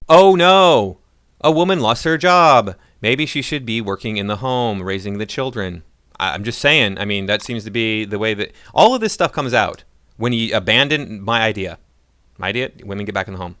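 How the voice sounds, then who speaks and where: A man's voice: on the low side, lively intonation, brisk, sharp tone, clear, resonant tone, no room sound, clean studio sound. A man ranting in sarcastic, mocking political commentary.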